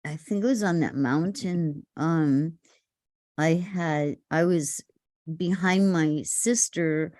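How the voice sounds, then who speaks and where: An older actress telling stories in an interview, lively and laughing often as she acts out quotes. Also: sits low, takes it slowly, no room sound, clean studio sound. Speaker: actress guest. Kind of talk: storytelling interview.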